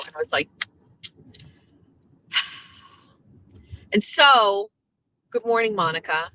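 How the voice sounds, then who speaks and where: A woman hosts a loose morning talk show. Her tone is bright and a little sharp, and her pitch sits in an ordinary middle range. She chats on and on in a lively way and swears casually. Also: slow, pauses often, poor audio. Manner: chatty, swears casually, animated storytelling. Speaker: show host.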